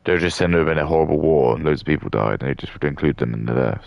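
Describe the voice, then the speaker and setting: Very deep gravelly man ranting. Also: fast, dry recording, dull audio. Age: 30s. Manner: rambling, ranting, swears freely. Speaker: streamer. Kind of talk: casual rambling chat while building models.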